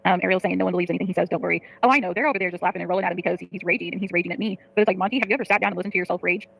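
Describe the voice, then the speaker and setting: A woman streams live and vents to her viewers, cursing freely as she reads their comments. Her words rush out at a breakneck pace. A gravelly fry runs under her voice. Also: fairly low pitch, steady tone, rough recording. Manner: rapid, profane, frustrated venting. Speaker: livestreamer. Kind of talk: venting to live chat.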